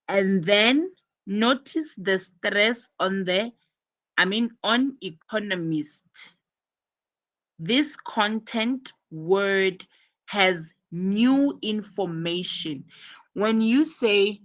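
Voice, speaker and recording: A woman's voice: medium pitch, takes it slowly, a bit bright. A woman teaching an English lesson, patiently modeling and repeating example phrases.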